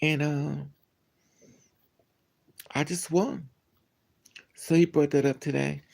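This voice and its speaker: A man hosting a livestream, telling a personal story to his viewers in a candid, animated, blunt way. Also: fairly high pitch, slow, gravelly. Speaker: livestream host. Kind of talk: casual storytelling to a live chat.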